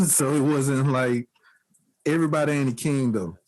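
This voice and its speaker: A man's voice: mid-range voice, measured pace. A man co-hosting a podcast, telling stories in a casual chat, acting out the people in them and laughing often. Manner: animated storytelling, mimics voices and laughs often. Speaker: podcast co-host.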